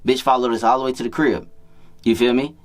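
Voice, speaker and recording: A man's voice: medium pitch, fairly even intonation, fast talker. A man working as a dating coach, telling a story in casual, profane street slang and repeating himself often.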